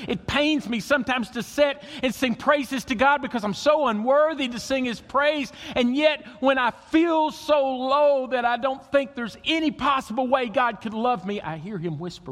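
A man preaching a sermon as pastor, swinging between loud emphasis and hushed, intimate tones. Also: very high voice, normal speed, hardly any pauses, big-room sound.

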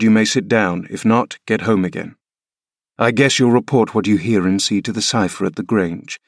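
A man's voice: on the low side, no echo, clean studio sound, close to an everyday voice. A man voicing a grim, scornful middle-aged man with a mocking, contemptuous delivery.

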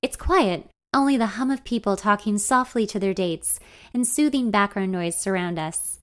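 A woman narrating a first-person novel in an even, wry storytelling manner. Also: medium pitch, moderate pace. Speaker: audiobook narrator.

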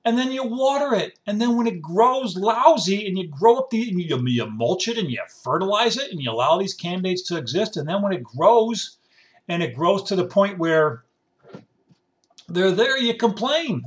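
A man's voice: high-pitched, very animated, moderate pace. Middle-aged guy ranting, sarcastic and rambly, voice swings way up and down, mic a bit far off. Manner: sarcastic, mimics complainers in grumbling voices; rambling with restarts and repetition. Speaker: commentator. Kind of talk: casual ranting monologue.

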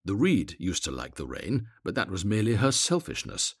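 A low, slightly husky man reads a fairy tale aloud. His voice moves through a wide, expressive range. The sound is close and dry. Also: normal speed, hardly any pauses, no room sound. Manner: expressive, gently dramatic. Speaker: narrator. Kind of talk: storybook reading aloud.

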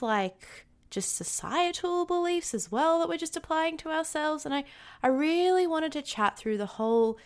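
A young adult woman coach talking in a candid, chatty podcast monologue, often acting out inner thoughts in a quoted voice. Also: on the high side.

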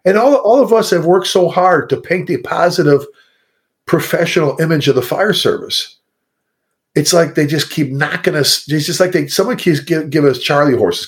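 A middle-aged man, a fire chief, talking casually and animatedly, jumping into high mocking voices for people he quotes. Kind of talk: casual podcast conversation.

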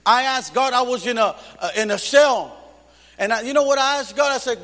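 High-pitched male preacher, fervent and shouting, in a reverberant church hall. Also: normal speed. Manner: fervent, shouting rebukes and calls to the congregation. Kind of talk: Pentecostal sermon testimony.

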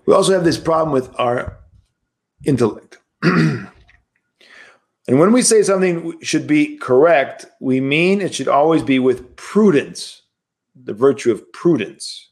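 A priest gives a livestreamed spiritual lecture, speaking conversationally and with emphasis. He often poses rhetorical questions, and his voice is medium in pitch.

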